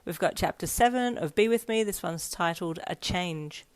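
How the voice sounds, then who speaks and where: Low-voiced woman narrating a story. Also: normal speed, smooth. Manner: steady storytelling read-aloud. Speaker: fanfiction narrator. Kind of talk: scripted narration.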